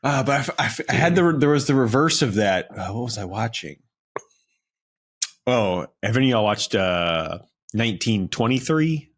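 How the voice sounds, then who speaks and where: A man co-hosting a podcast, rambling in casual chat and trailing off quietly as he searches for what to say. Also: medium pitch, animated, moderate pace. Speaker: podcast co-host.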